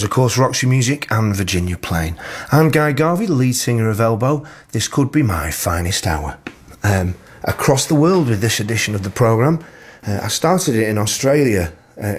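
A man's voice: fairly low pitch, lively intonation, normal speed, breathy edge. A man with a Manchester accent, chatting casually and self-deprecatingly as a radio presenter from his small home, with plenty of filler words. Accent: Mancunian English. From Manchester, England.

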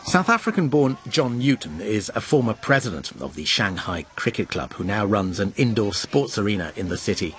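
A man reporting, with measured scripted documentary narration. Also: on the low side, sing-song, a little hiss or hum.

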